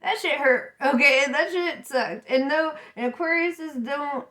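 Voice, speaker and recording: A woman's voice: sits high, measured pace, bright, forceful tone. A woman giving a casual tarot reading, frank and profane, laughing often and asking "right?" as she talks. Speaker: tarot reader.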